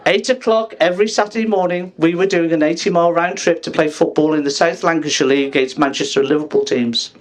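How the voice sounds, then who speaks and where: Speaking in a steady tone that sits on the high side, a father of the bride in his fifties delivers a humorous wedding reception speech. He ribs the guests and waits for the laughs.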